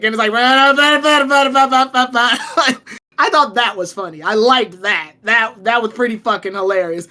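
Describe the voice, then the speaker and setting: A woman co-hosting a casual podcast, telling stories in an animated, profane way. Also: medium pitch. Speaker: podcast co-host.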